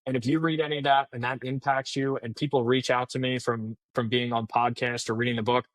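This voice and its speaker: A man's voice: medium pitch, flat delivery, a little fast, fairly bright tone, no echo. A man in his thirties, a podcast guest telling stories in a casual, chatty way with many fillers. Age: 30s. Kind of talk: casual storytelling interview.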